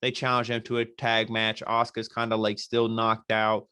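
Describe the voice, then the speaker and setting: A man's voice: fairly low pitch, monotone, normal speed, bright, forceful tone, clean tone, no echo. A man hosting a podcast, recapping a show casually in a blunt, profane, exasperated way. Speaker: podcast host reviewing wrestling.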